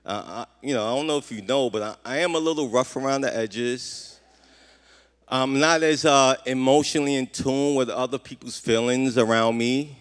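A man preaching a sermon as a pastor, earnest, often repeating questions to his congregation. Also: mid-range voice. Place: church. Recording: reverberant hall.

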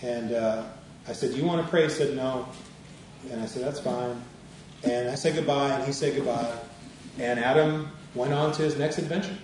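A man's voice: medium pitch, fairly quick, darkish tone, slight background noise. A male minister giving a sermon as a conversational storyteller who laughs as he tells a personal story. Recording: echoey room from a distance.

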